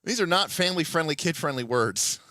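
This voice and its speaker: Man, casual panel chat, lively swooping pitch, slightly high voice, dry close sound. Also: fairly quick, dry recording. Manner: animated, acts out quoted players. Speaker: podcast co-host. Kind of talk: casual panel chat about tabletop games.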